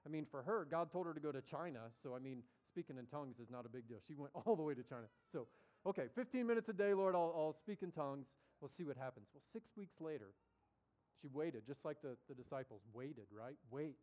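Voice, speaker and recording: A man preaching in a loose, conversational storytelling style. His voice sits somewhat high, and he keeps breaking into the quoted voices of the people he describes. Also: darkish tone. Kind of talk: sermon storytelling.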